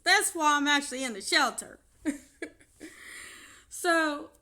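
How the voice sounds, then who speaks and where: This vlogger speaks slowly at a high pitch, her tone strained yet bright. Recounting something personal without a script, she chats away, laughing frequently and restarting sentences amid plenty of fillers.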